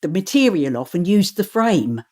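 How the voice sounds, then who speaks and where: Low-voiced woman, animated storyteller. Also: moderate pace. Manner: animated, stumbles and restarts while telling stories. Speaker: audiobook narrator. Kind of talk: interview answers.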